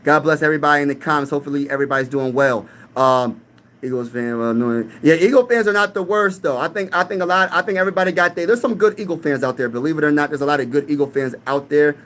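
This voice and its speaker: Young dude on a sports livestream, fired up, trash talking, kinda high voice. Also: male voice, quick pace, a bit bright. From Pennsylvania. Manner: hyped, trash-talking, reads chat aloud. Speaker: sports channel host. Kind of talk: casual live-stream sports talk.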